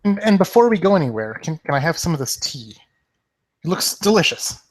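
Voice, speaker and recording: A man's voice: on the high side, very animated, brisk. A man playing a tabletop game, eager and cheerful in character. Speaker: player.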